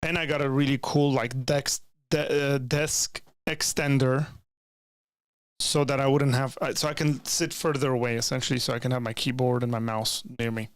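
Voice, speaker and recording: A man's voice: mid-range voice, little pitch movement, moderate pace, clean tone, dry recording, studio quality. A young man hosting a live stream from a home room with bookshelves, chatting to viewers in a rambling way with many restarts. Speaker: streamer reading chat. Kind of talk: casual live-stream chat. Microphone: desk microphone, leans in close.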